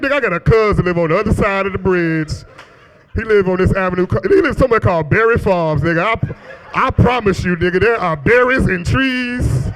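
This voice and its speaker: A man's voice: high-pitched, fairly bright tone. A man in his thirties doing a loose, profane stand-up set in a small club, teasing the crowd and laughing at his own jokes. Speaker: stand-up comedian. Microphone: handheld stage mic.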